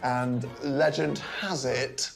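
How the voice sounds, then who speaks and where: A man comedian retelling history in a dry, deadpan narrating manner. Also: mid-range voice, slow, gravelly, soft background music. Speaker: comedian storyteller.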